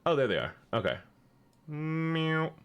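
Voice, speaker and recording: A man streaming live, chatting with viewers in an excitable, chatty way and greeting and thanking them. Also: mid-range voice, normal speed. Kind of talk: casual livestream chat.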